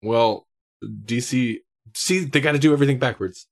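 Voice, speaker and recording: A man's voice: medium pitch, normal speed. A man co-hosting a podcast in casual chat, opinionated and thinking aloud as he talks. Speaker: podcast co-host.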